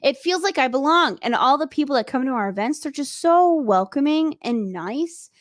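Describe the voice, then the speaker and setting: A woman's voice: high-pitched, lively intonation, moderate pace, no echo, clean studio sound. A woman from the United States, a radio host, chatting in an interview in a bubbly, playful way and laughing easily. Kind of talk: casual interview chat.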